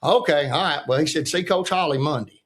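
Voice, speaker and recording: A man's voice: fairly high pitch, a little fast. A man in his sixties, a retired football coach, telling a story in a casual chat and acting out what other people said in a folksy way. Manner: folksy, acts out the quotes of others.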